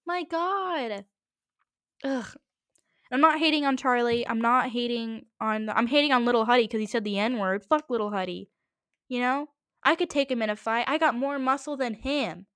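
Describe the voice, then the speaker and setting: A teenage girl hosting a solo podcast, ranting quickly and in exasperation, with many asides. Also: on the high side, fairly bright tone, clean tone, no room sound, clean studio sound. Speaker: podcast host.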